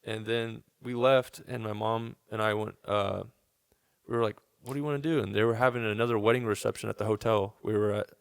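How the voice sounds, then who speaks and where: A man's voice: lowish voice, fairly even intonation, brisk, gravelly, clear, resonant tone, no echo, clean studio sound. A young man casually telling a long story on a podcast, swearing and acting out what people said. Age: young adult. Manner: laid-back, swearing, acts out quotes.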